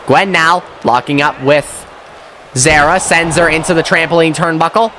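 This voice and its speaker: A man doing excitable, sweary play-by-play commentary on a wrestling match, often shouting at the action. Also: a little high, moderate pace, background noise. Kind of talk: play-by-play video game commentary.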